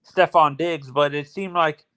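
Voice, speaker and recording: A man's voice: on the high side, fairly even intonation, a little slow, a bit bright, smooth. A man co-hosting a casual chat, asking long rambling questions.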